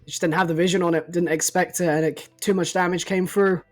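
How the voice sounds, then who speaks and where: An upbeat, chatty esports co-caster analysing picks and asking post-game questions. The voice sits in an even middle range. Faint music runs under the broadcast. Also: medium pitch, brisk. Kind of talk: esports commentary.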